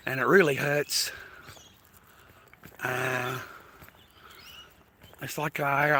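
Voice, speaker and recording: A man livestreaming, ranting angrily at his viewers, swearing a lot and repeating himself, sometimes dropping to a low quiet menace. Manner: swears constantly, repeats phrases, berates viewers; drops low and quiet when threatening. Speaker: livestreamer talking to his chat. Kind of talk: angry rant to chat.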